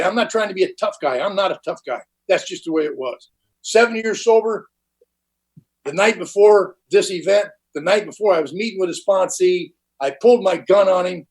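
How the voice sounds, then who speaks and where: An older man, high-pitched for a man, telling his recovery story in a blunt, candid way. He talks in plain slang and restarts his sentences often. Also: rough recording. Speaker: recovery meeting speaker. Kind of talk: personal recovery testimony. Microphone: online conference talk.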